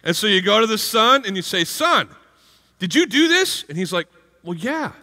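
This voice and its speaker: Man preaching, bright sharp tone, lively swooping pitch, playful voices, long church-hall reverb. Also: moderate pace. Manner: animated, jumps into playful character voices and exclamations. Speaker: pastor. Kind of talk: energetic sermon with acted-out stories.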